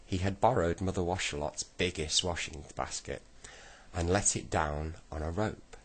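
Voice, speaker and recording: A man reading a children's storybook aloud slowly and gently. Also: deep voice. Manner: slow, gentle storybook reading with voiced characters. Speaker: reader.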